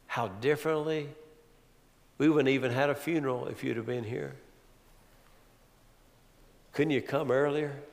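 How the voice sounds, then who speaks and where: A man preaching a sermon as pastor, swinging from loud, emphatic build-ups to quiet, low asides. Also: fairly even intonation, unhurried, gravelly, pauses often, big-room sound.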